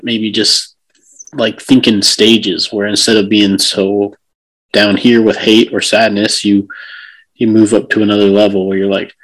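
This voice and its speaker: A man's voice: fairly low pitch, flat delivery, unhurried, fairly bright tone, low-quality recording. A man co-hosting a podcast, reflectively explaining an idea step by step. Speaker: podcast co-host. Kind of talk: casual conversation.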